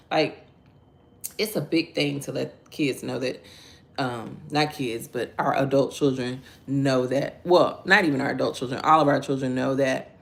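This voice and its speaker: Gravelly-voiced woman leading a devotional. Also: very deep voice, normal speed. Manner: earnest, conversational, reads viewer comments aloud. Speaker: devotional host. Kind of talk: casual live-stream devotional talk.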